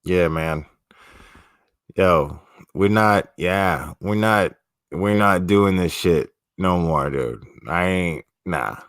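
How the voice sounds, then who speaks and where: A man's voice: low-pitched, slow, fairly bright tone, smooth, no room sound, clean studio sound. Laid-back swearing man on a livestream. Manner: profane, laid-back, slangy, talking to chat. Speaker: livestream host. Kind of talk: casual livestream chat.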